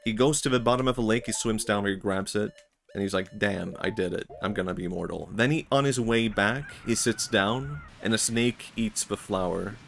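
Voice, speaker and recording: A man's voice: fairly low pitch, normal speed, fairly bright tone. A man streaming, talking in a rambling, reflective way, full of filler words and frequent laughs. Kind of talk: casual stream chat.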